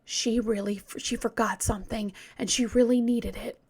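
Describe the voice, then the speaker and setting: A woman telling a true crime story in a casual, hesitant way, often dropping into a hushed whisper. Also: fairly high pitch, fairly even intonation, moderate pace, vocal fry, husky.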